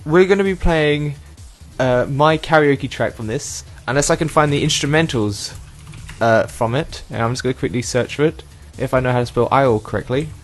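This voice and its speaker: A man hosting a casual online show, playful and rambling, with lots of ums and quick asides. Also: mid-range voice, faint music behind. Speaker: host. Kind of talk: casual podcast chat.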